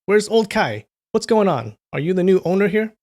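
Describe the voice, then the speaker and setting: A man's voice: high-pitched, big pitch swings, moderate pace, darkish tone, pitched above the performer's own voice. A man voicing an impatient, curt male escort in a storybook reading. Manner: curt, demanding.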